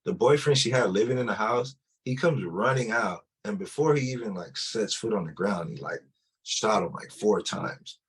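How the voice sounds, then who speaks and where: A man speaks in a low, slightly raspy voice as he recounts his own story. His telling is casual and unpolished, with frequent restarts and fillers. It sounds like a personal testimony told to a listener. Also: moderate pace. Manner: loose and conversational, full of "like" and restarts.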